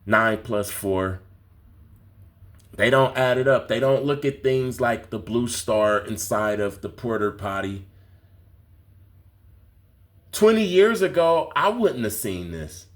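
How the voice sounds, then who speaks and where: A man delivering a spiritual conspiracy monologue, slow, emphatic and repetitive. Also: medium pitch, expressive. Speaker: conspiracy vlogger.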